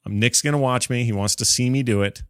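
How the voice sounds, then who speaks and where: A man hosting a casual podcast, talkative and jokey, with a lively sign-off. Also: mid-range voice, fast talker, dry recording, studio quality. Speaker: podcast host.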